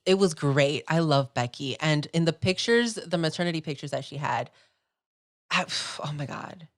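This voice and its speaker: Low-voiced woman hosting a fan podcast. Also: lively intonation, normal speed, no room sound, clean studio sound. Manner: chatty, giggly, full of fan enthusiasm. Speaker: podcast host. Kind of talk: casual podcast chat.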